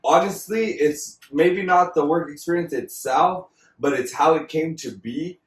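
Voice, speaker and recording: A man's voice: fairly high pitch, a little slow, recorded from a distance. A man hosts a casual podcast chat, asking questions in a loose, joking manner. His voice is set back from the mic. The room around him rings with echo. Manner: laid-back, joking interviewer. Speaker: podcast host. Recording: roomy sound, voice away from mic.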